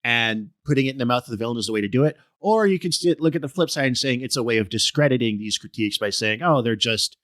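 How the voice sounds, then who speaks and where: A man co-hosting a film podcast in casual discussion, talking haltingly with many restarts and fillers. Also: medium pitch, expressive, fairly bright tone, dry recording, clean studio sound. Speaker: podcast co-host.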